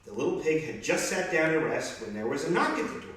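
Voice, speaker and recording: A police officer reading a children's story aloud, expressive and animated. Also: male voice, a little high, quick pace, recorded from a distance. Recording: very echoey room, off-mic.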